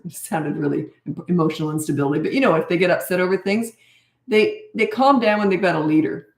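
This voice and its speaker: This parenting coach, a Canadian woman in her sixties, chats openly with viewers during a live Q&A, often poking fun at herself. Her voice sits on the low side and moves a little fast, with a roomy sound.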